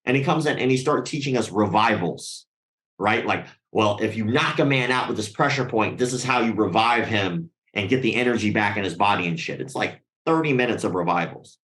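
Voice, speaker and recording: A man's voice: fairly low pitch, brisk, reverberant. A man telling a story casually and with lots of swearing, acting out the voices of the people he quotes. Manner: animated, profane, acts out quoted voices.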